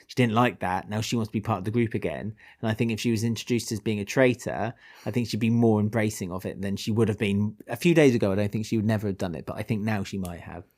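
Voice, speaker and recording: A man with a Welsh accent, co-hosting a podcast in casual chat, animated and full of restarts. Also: quick pace, few pauses. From Wales. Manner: animated, chatty, with many restarts and sudden pitch jumps. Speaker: podcast co-host.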